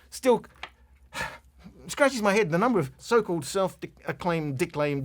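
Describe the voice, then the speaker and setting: A Londoner with a broad Cockney accent and a slightly raised pitch talks through a gadget review in a casual, blunt way. He drifts into asides and comes back to the product. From England, London. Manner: chatty, digressive, blunt. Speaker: tech reviewer.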